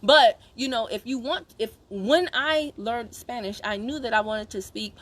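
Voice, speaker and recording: A woman's voice: on the high side, a little slow, a bit bright. A woman from Georgia gives an emphatic, chatty motivational talk to her sales team on a live stream. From Savannah, Georgia, USA. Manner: emphatic, repetitive, chatty with asides to viewers. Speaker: network marketing seller coaching her team.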